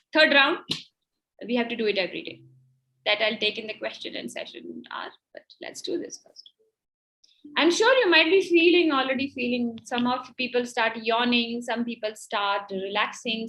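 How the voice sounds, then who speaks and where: Indian lady running an online self-care workshop, high voice, encouraging and a bit giggly. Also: a bit bright, low-quality recording. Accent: Indian English. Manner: encouraging, instructive, laughs easily. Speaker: workshop facilitator. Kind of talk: guided tapping and breathing exercise.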